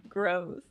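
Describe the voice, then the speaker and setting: A woman's voice: fairly bright tone, dry recording, lo-fi sound. A woman co-hosting a podcast, chatting casually and bluntly about a reality show, laughing often and swearing. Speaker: podcast co-host. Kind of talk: casual gossip chat.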